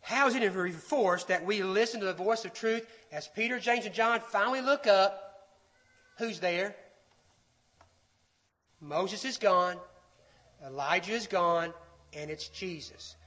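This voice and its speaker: A man preaching a sermon, emphatic and dropping to quiet, slow phrases for stress. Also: sits high. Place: church auditorium. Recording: echoey hall with long reverb.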